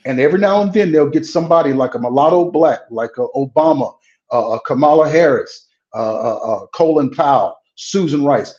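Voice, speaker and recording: A man's voice: fairly high pitch, animated, brisk, darkish tone, reverberant, dull audio. A man, a pastor running for Congress, speaking frankly and bluntly in a political interview and often stumbling over fillers.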